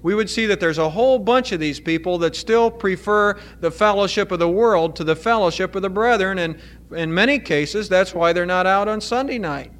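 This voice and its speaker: A man with a fairly high voice delivers a sermon to his congregation. He explains each point earnestly and deliberately, leaning on key words for emphasis. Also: fairly bright tone. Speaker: pastor.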